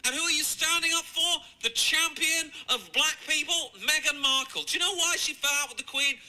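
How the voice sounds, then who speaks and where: A British comedian giving a profane, mocking rant while reacting to video clips. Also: male voice, very high voice, normal speed, pushed and bright, low-quality recording. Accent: British English. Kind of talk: ranting commentary over video clips.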